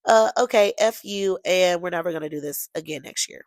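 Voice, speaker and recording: A young woman hosting her own podcast, telling a personal story in a lively, gushing way and talking straight to her listeners. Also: fairly low pitch, brisk, no room sound. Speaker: podcast host. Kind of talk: casual storytelling monologue.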